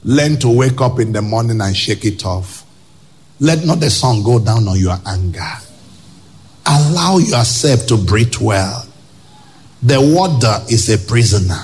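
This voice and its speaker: A male pastor with a Nigerian English accent preaching a sermon to a congregation, emphatic, with loud rhetorical questions and pidgin asides. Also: mid-range voice, expressive, unhurried, husky, soft background music.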